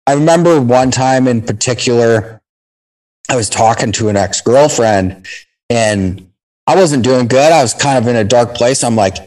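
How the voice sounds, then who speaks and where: A man's voice: medium pitch, normal speed, darkish tone, rough recording. A man in casual conversation, telling intense stories and swearing often. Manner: intense storytelling, heavy swearing.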